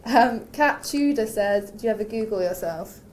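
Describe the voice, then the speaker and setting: A woman's voice: mid-range voice, animated, normal speed, a little mellow. Playful woman interviewer. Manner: teasing, playful questions. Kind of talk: casual interview.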